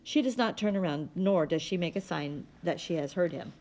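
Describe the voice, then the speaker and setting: A woman reading a novel aloud in a steady, plain manner. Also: on the low side, normal speed. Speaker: audiobook reader.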